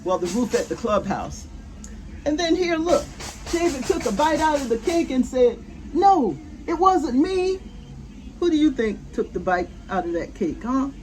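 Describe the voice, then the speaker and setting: Her voice a little high with big pitch swings, an older woman reads a picture book to her grandchildren, slow and gentle, asking them questions. Soft music and faint roofing work noise sit behind her, and the audio is poor.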